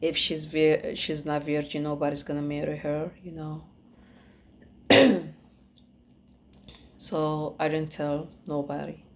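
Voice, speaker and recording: A woman from Ethiopia with an Ethiopian accent speaks in a low, steady voice with a gravelly fry. She gives earnest personal testimony as a podcast host, halting and searching for words. Faint noise sits behind her.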